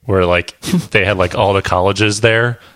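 A man co-hosting a podcast, relaxed and easygoing, telling stories in casual banter. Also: lowish voice, unhurried, no echo. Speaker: podcast co-host.

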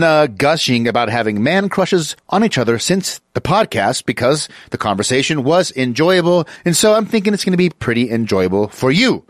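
A man hosting a gaming podcast, theatrical and playful, swinging into booming mock-solemn and jokey voices. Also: no room sound, clean studio sound. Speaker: podcast host. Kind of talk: casual podcast intro.

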